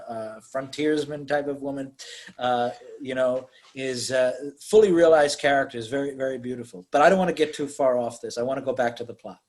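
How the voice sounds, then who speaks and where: A man hosting a podcast, casually and animatedly retelling a movie's plot and acting out its scenes. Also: mid-range voice. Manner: animated storyteller, acts out scenes. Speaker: podcast host.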